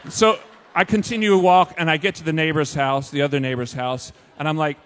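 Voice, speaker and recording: A man, a school teacher, telling a funny personal story to an audience in an animated, self-mocking way. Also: fairly high pitch, a little fast, big-room sound, a little hiss or hum.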